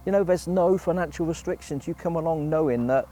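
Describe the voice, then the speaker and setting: A man's voice: on the high side, a little fast, mellow. A man who volunteers at a community project, speaking effusively in a documentary interview. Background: music.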